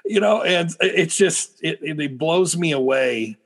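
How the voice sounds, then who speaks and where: A man's voice: a little high, a little slow, fairly bright tone. A middle-aged American man, a preacher and guest, telling stories animatedly in a podcast interview with frequent restarts. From United States.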